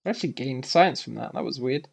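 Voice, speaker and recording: A man's voice: mid-range voice, expressive, quick pace, creaky, rough recording. A young man giving casual gameplay commentary, thinking aloud and muttering to himself as he plays. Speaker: gaming YouTuber.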